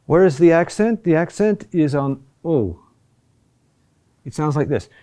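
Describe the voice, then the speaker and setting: A middle-aged man teaching a class on chant, speaking deliberately with many pauses and fillers. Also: on the high side, animated, mellow. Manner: slow and deliberate, with frequent "uh" pauses. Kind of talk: classroom lecture.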